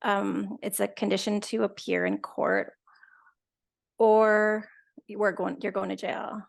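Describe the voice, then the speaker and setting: A woman tells a story as a guest, with a heavily gravelly, creaky voice. She chats in an animated way, acting out both sides of a conversation. Her pitch sits in the middle for a woman. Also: slow. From Canada. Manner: chatty, animated retelling with quoted dialogue. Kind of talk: casual storytelling.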